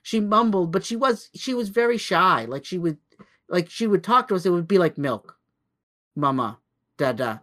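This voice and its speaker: A man's voice: sits high, fairly quick, fairly bright tone. Rambling male podcast co-host. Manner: rambling storyteller with many restarts and acted-out quotes. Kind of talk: casual podcast chat.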